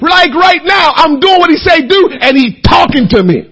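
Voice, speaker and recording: A man delivers a fiery sermon. He shouts and cries out, then sinks to hushed tones. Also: extremely high pitch, lively intonation, moderate pace, hardly any pauses, poor audio. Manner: shouting, crying out, swinging from loud to hushed. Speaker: preacher.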